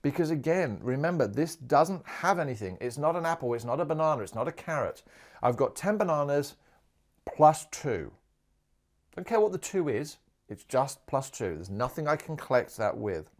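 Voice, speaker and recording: A man teaching a maths lesson on video, chatty and playful, thinking out loud as he writes. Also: a little high. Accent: Australian.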